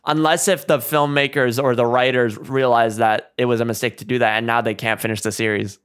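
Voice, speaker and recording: A man with a smooth, clear voice hosts a laid-back movie chat. He works through his notes out loud, chuckling as he goes. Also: medium pitch, level tone, brisk. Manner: reads from notes, chuckles often. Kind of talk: casual movie discussion.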